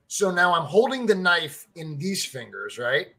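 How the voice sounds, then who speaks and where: A man co-hosting a casual sports podcast, telling stories in an animated way, swearing freely and saying "like" and "right?" a lot. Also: on the high side, measured pace. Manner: excitable, fan-to-fan talk addressing listeners as family. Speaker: podcast co-host.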